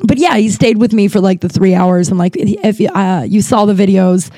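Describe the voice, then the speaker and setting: A woman's voice: medium pitch, moderate pace, mellow, no room sound. A woman hosting a podcast, telling a personal story in a casual, rambling way, full of fillers and restarts. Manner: candid, lightly profane. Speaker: podcast host.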